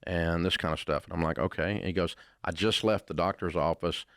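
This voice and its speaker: A man's voice: low-pitched, steady tone, brisk, fairly bright tone, clean tone, no echo, clean studio sound. An older man with a Southern American accent, answering interview questions with folksy, blunt storytelling. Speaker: radio host, interviewee.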